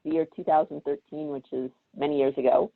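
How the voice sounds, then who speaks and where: Woman, low gravelly voice, husky, tinny phone-line sound, animated storyteller. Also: fairly quick. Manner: animated storyteller who acts out quoted voices. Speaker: guest speaker. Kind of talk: casual storytelling chat. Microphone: video call. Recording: tinny phone-like call audio.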